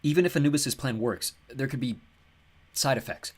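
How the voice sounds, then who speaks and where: A man's voice: mid-range voice, moderate pace, breathy edge, pitched above the performer's own voice, lightly acted. A man voicing an earnest, hesitant teenage boy in an audiobook.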